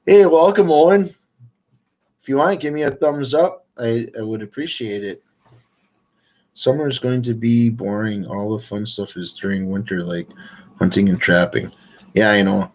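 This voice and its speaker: A man hosts a casual outdoors livestream, rambling easygoingly with lots of fillers. His voice is lowish and a little mellow, at a moderate pace.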